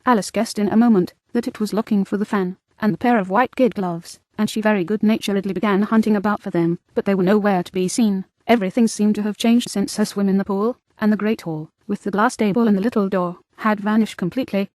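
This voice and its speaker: A woman's voice: mid-range voice, fairly even intonation, fast, hardly any pauses, a little mellow, dry recording. Woman narrating a classic storybook. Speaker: audiobook narrator. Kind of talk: scripted narration.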